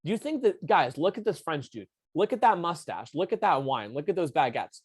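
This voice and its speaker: A man putting on the voice of an indignant French man, ranting in an exaggerated, mocking way with drawn-out emphasis. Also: a little high, big pitch swings, husky, no echo, studio quality. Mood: indignant mockery.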